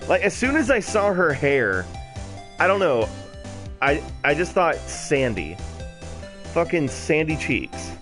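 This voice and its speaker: Animated man chatting over game music. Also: on the high side, slow, pauses often. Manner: amused, animated, swears. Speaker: let's play host. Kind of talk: casual game commentary. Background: background music.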